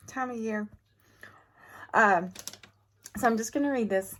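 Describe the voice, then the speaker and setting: A woman's voice: on the high side, a little slow, pauses often. A middle-aged woman vlogging about farm family life, chatting casually and heartfelt with viewers. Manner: chatty and heartfelt, drifts into emotion. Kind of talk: casual vlog chat to viewers.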